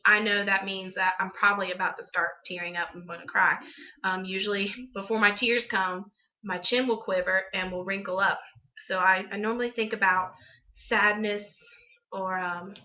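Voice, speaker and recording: Young woman student rambling thru a class video, lots of ums, bright tone, muffled lo-fi sound. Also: fairly high pitch. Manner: halting, many ums, demonstrates expressions. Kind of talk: casual class presentation.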